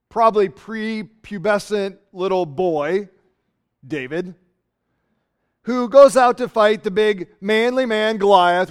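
A man preaching a sermon, telling a story in an animated way and acting out the voices. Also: sits high, clear, resonant tone. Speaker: pastor.

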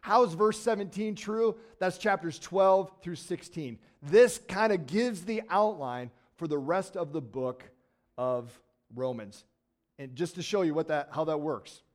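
Male pastor, somewhat high-pitched, casual but eager delivery for a church sermon. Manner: conversational and enthusiastic, with asides and quick bursts of excitement. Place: church sanctuary.

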